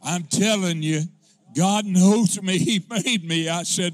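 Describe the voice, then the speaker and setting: High-voiced man preaching a folksy testimony. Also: slow, no echo. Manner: folksy, humorous testimony rising into fervent preaching. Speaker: pastor. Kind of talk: storytelling sermon.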